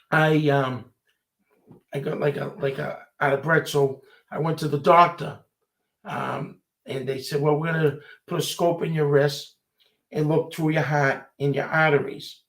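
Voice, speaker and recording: A man, telling stories in a casual chat and acting out the voices of the people in them. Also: a little high. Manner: animated, acts out quoted voices. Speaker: storyteller.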